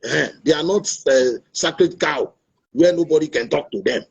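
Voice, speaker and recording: Nigerian guy hosting his own show, a bit husky and high, dull lo-fi stream sound. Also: normal speed. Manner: earnest, preachy, repeats his points. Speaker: show host. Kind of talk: opinionated talk-show monologue. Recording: dull lo-fi online stream audio.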